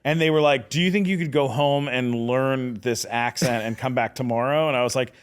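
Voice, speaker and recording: Animated man telling a story. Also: mid-range voice, brisk, clean tone. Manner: animated, laughing, lots of filler "like". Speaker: podcast guest, actor. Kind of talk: casual storytelling chat.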